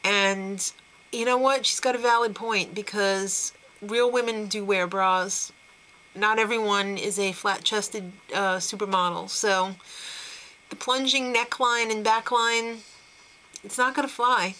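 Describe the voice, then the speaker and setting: Casual female recap host, bright and forceful tone, opinionated chatter with frequent laughs. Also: mid-range voice, steady tone, measured pace, rough recording.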